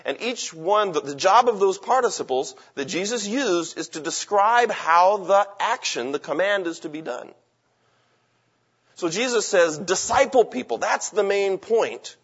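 Husky preaching man, dull recording. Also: sits high, lively intonation, unhurried, a bit bright. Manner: emphatic preaching with rhetorical questions. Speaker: pastor. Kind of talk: sermon.

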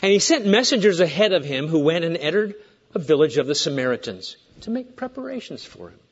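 A man in his sixties preaching a sermon as pastor, swinging between hushed asides and raised emphatic points with joking digressions. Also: high-pitched, breathy edge, muffled recording.

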